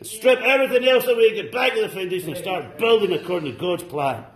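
A man preaches a church sermon in a high, light voice, calling out to his listeners with fervent exclamations. He swings between loud bursts and hushed asides. The sound carries an echoey room around it. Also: fast talker. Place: church service.

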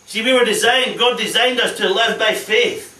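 A man's voice: high voice, normal speed, bright, forceful tone, distant mic. A man preaching a fervent sermon, calling out hallelujahs and amens along the way. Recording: echoey hall, voice off-mic.

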